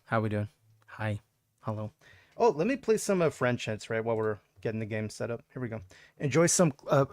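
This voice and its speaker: A man's voice: mid-range voice, no echo, studio quality. A man streaming live, chatting casually with viewers, goofing around and singing bits of songs. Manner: goofy, sings song snippets and jokes with chat.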